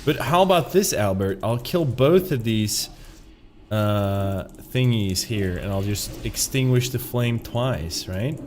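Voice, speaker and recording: Man, gaming streamer, unhurried rambling chat, swears and laughs a lot, faint noise behind. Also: fairly low pitch, expressive. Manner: rambling, profane, joking, laughs often. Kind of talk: casual chat while gaming.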